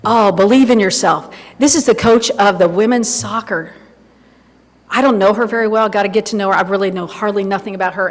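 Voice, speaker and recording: A woman's voice: mid-range voice, slight background noise. A woman minister giving an informal, chatty sermon full of asides to herself. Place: church sanctuary. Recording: long reverb of a church hall.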